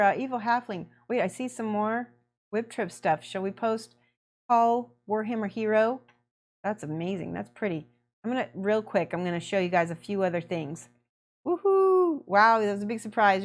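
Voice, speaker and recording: Middle-aged lady chatting on her painting stream, laughs a lot, says hi to viewers. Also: mid-range voice. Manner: chatty, laughs often, greets viewers by name. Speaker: miniature painting livestream host. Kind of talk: casual livestream chat with viewers.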